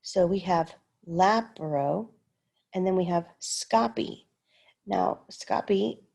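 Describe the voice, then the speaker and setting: Woman teacher, slow, gravelly and husky, mellow tone, sounds out words syllable by syllable. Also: lowish voice. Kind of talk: slow recorded lesson walkthrough.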